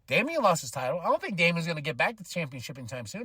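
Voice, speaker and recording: A man's voice: fairly high pitch, very fast, few pauses, breathy edge. A man hosting a podcast, casually recapping a wrestling show, acting out what the wrestlers say with laughs and the odd swear. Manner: animated, acts out quotes with laughs and profanity.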